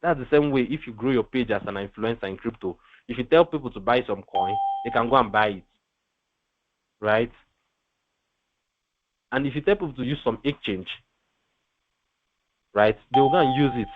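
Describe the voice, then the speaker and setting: A man teaching a live webinar, often pausing to ask his class rhetorical fill-in questions. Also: mid-range voice, lively intonation. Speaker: webinar instructor. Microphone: online call mic. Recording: tinny phone-like line with faint noise.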